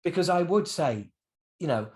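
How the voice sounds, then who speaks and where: A man in his fifties, a guest musician telling stories animatedly in a candid interview, swearing freely. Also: moderate pace. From United Kingdom. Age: 50s. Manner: animated storyteller with swings in pitch and loudness, swears freely.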